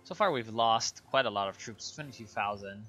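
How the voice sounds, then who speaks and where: A man talks through his strategy game in a calm, low-key way, as if thinking out loud. His voice sits a little low but sounds bright and forward. Faint game music plays underneath. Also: normal speed. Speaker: gameplay commentator. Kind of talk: casual let's play commentary.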